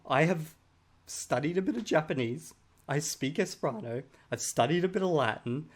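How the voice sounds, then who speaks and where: A man's voice: a little high, normal speed. A man hosting a reaction video, commenting sarcastically and mockingly on a clip he reviews.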